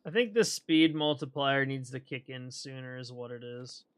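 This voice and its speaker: A man streaming a game, rambling in casual commentary as he thinks aloud and often clears his throat. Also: medium pitch, normal speed.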